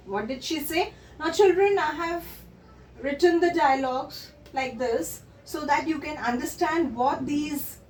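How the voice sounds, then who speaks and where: A high-pitched woman teaching children, talking slowly and patiently as she explains a story and the meanings of its words. She is heard from some distance in an echoey room with faint noise behind her. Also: a little mellow.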